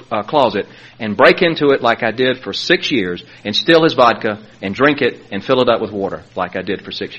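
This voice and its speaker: A middle-aged man giving personal testimony at a recovery meeting from a podium, telling his story animatedly and swinging from hushed to loud. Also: medium pitch, lo-fi sound. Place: speaking at a podium.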